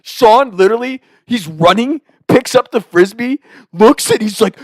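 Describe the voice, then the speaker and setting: A man's voice: high voice, normal speed, dry recording. A young man telling a wild story in casual chat, swearing often and laughing as he goes. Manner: animated, profane, laughing.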